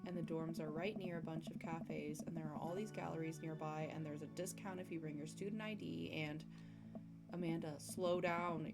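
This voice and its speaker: Animated young woman reading game lines. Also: on the low side. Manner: animated, giggly, voices the game characters. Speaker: streamer playing a dating sim. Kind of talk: reading game dialogue aloud with commentary. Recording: music playing behind.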